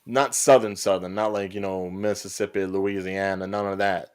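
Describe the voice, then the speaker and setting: A man's voice: sits low, level tone, normal speed, clean tone. A man co-hosting a casual movie watch-party chat, thinking aloud with many restarts.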